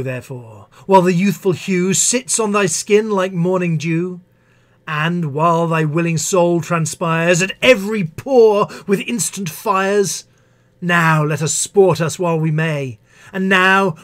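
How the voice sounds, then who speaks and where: A man hosting an English live stream, unhurried and deliberate as he recites verse. His voice sits a little high for a man, and his spoken comments between poems are full of pauses and restarts. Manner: measured, expressive recitation with hesitant asides. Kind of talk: poetry reading with commentary.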